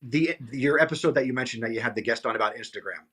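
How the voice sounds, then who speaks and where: A man's voice: medium pitch, fast, fairly bright tone, husky. A man co-hosting a podcast in casual chat, easygoing and earnest. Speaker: podcast co-host.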